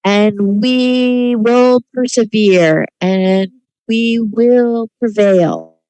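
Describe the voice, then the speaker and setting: A woman delivering a measured, solemn statement at a panel event. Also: fairly high pitch, mellow, dry recording, rough recording. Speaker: panel speaker.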